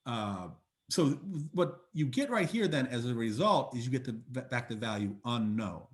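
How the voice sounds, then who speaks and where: Chatty lecturer man, lively pitch. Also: moderate pace. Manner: chatty, thinks aloud, many fillers and restarts. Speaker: university lecturer. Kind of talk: online lecture over video call. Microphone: computer mic on video call.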